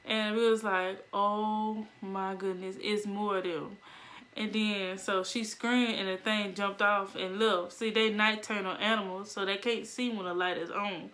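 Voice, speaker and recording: A young woman telling a story casually, animated, laughing and acting out the voices of people in it. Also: medium pitch, a little slow. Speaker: vlogger.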